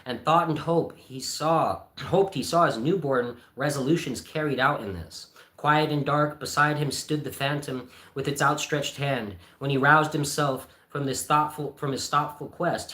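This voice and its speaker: A man reading a classic novel aloud on a livestream at home, with casual asides and frequent throat-clearing. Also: on the high side, a bit bright. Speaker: channel host, reader. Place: home by a Christmas tree. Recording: roomy echo.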